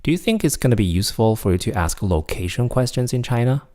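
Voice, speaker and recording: A man teaching a recorded beginner language lesson, explaining patiently and slowing down to model each word. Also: medium pitch, expressive, warm tone. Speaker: Mandarin teacher.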